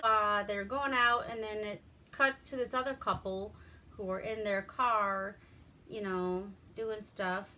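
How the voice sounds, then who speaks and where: A woman's voice: mid-range voice, fairly bright tone. A woman from Alaska giving a rambling, profane, wry movie review in casual chat.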